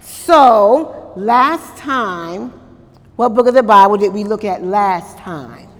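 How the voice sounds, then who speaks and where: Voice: medium pitch, lively intonation, slow, big-room sound. A Bible study teacher leading a church class, asking the group questions, answering them, and adding frequent amens.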